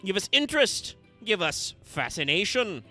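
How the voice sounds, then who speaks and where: A man's voice: sits high, very animated, normal speed, pushed and bright, faint music behind, pitched above the performer's own voice, exaggerated voice. A man reading aloud the part of a flamboyant, eccentric great detective, with grandiose, theatrical delivery. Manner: theatrical, grandiose, lofty pronouncements. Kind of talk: reading game dialogue aloud.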